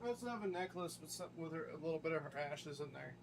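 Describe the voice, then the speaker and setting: A man with a fairly high voice talks casually to his stream audience. He swears freely and keeps scolding his dog in between his stories, with a faint hiss of noise underneath. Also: expressive, very fast, creaky. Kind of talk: casual chat on a live stream.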